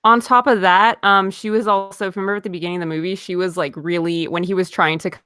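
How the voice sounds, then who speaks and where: Low-voiced woman explaining a movie scene. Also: fairly even intonation, fast, bright, forceful tone, smooth, no echo, clean studio sound. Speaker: podcast co-host. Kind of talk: casual film discussion.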